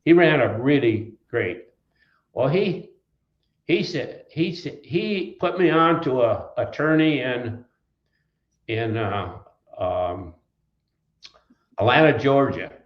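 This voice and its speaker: A man's voice: mid-range voice, animated, slow pace, long pauses. An older man from Wisconsin recalls his early days in a folksy, rambling way. He restarts his sentences and drifts between anecdotes. The room sounds echoey and the recording is a little dull. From Wisconsin, USA. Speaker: trucking company founder, guest. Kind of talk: storytelling in an interview.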